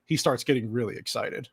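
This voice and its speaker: A man's voice: mid-range voice, moderate pace, husky, no echo. A man hosting a casual movie discussion, laughing often and acting out characters' lines. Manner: animated, laughs a lot, acts out characters' lines. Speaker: podcast host.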